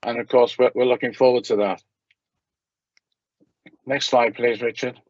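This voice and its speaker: Croaky man presenting in a meeting. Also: mid-range voice, steady tone, no echo. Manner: measured, with small restarts. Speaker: hospital governor presenting at a meeting. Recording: dull, lo-fi meeting audio.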